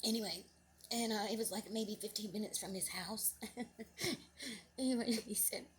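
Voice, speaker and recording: A woman's voice: medium pitch, moderate pace, a little hiss or hum. A middle-aged woman casually telling a personal story. She rambles, restarts often, and her voice rises with feeling. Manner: rambling, with many restarts and asides; earnest and emotional, voice rising when moved.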